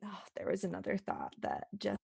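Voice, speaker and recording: A woman hosting a podcast interview, talking in a slow, thoughtful, agreeable way. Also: medium pitch, wildly swooping pitch, gravelly, dark tone, slightly rough, no room sound, studio quality. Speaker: podcast host. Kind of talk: casual interview.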